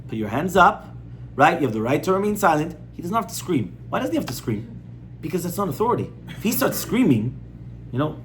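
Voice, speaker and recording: A man's voice: on the high side, slight background noise. A male rabbi giving an informal class on parenting, conversational, repeating his points and asking the audience questions.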